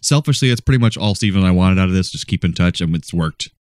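A man's voice: low-pitched, lively intonation, quick pace, clear, resonant tone, dry recording. A man co-hosting a podcast, bantering playfully and laughing a lot. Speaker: podcast co-host. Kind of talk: casual chat.

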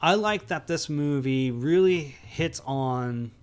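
A man's voice: on the high side, takes it slowly, clean tone. A man co-hosting a podcast, chatting casually through a movie review with many fillers and restarts. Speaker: podcast co-host.

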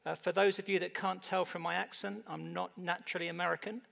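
A man's voice: sits high, little pitch movement, fast, vocal fry, a bit bright. A man with an English accent, speaking on a conference panel, hesitant with many fillers and restarts. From United Kingdom. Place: conference stage. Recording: reverberant hall on stage mic.

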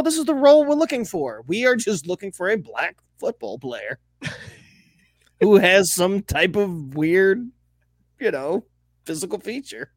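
A high-pitched man joking through a casual sports podcast, swearing and breaking into laughter as he mimics officials. His voice is recorded close and dry, with no room sound. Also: fairly bright tone, no echo. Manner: laughing, profane, mock-quoting officials. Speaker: podcast co-host.

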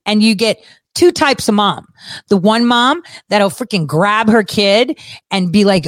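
A woman's voice: mid-range voice, expressive, normal speed, no echo. Blunt, profane woman ranting on politics. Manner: blunt, profane, sarcastic, laughs often. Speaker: political commentary host. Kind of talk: casual ranting commentary.

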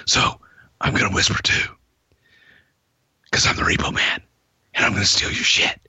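A man's voice: normal speed, pushed and bright, no room sound. A man impersonating a sneaky male wrestler thief, speaking in a whisper. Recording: dry muffled lo-fi recording.

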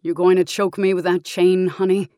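A woman voicing a menacing middle-aged male mercenary sergeant who talks gruffly and mockingly. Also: flat delivery, moderate pace, warm tone, no echo, studio quality, close to an everyday voice. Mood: taunting. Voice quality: deep-voiced, mocking.

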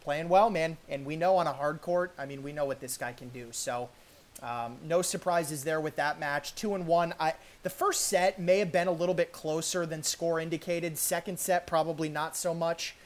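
A woman's voice: low-pitched, steady tone, moderate pace. A woman co-hosting a tennis podcast, chatting casually with lots of fillers and restarts. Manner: conversational, many fillers and restarts. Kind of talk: casual sports chat.

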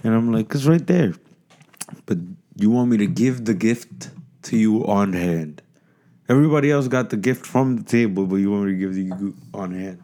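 A man's voice: fairly low pitch, moderate pace, mellow. A man co-hosting a podcast, ranting in casual chat, rambling, profane and emphatic. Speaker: podcast co-host.

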